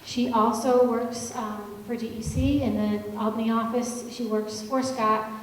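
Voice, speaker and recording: A woman runs a public agency meeting, presenting the panel in a friendly manner with plenty of fillers. Her fairly high voice stays level and a little slow, captured from far away in a large, echoey public meeting hall with a faint hum.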